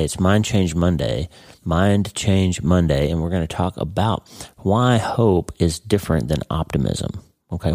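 A man with a low voice talks earnestly into the mic as a podcast host, leaning on his words and circling back to repeat them. The sound is dry and close, with no room around it. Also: a little mellow, no room sound. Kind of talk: casual spoken monologue.

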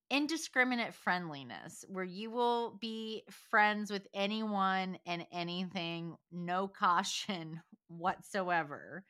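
A woman's voice: mid-range voice, pushed and bright, clean tone. A woman co-hosting a podcast in casual chat, talking loosely and laughing often as she wanders between thoughts. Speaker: podcast co-host.

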